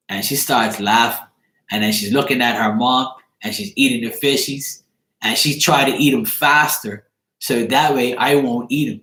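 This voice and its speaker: A man hosting a chat show, telling a story casually in an animated way, laughing and swearing freely. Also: medium pitch, normal speed, reverberant.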